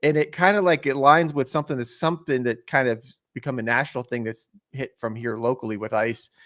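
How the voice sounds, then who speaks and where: A man's voice: medium pitch, fairly even intonation, fairly quick, fairly bright tone. A man talking as a guest co-host in a casual chat, rambling and loose.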